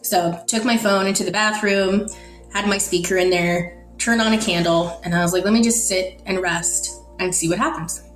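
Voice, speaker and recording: A woman from the Netherlands, a podcast guest, telling a personal story in an animated way and acting out the dialogue. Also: mid-range voice, moderate pace. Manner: animated, acts out dialogue in quotes. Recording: roomy echo, faint music.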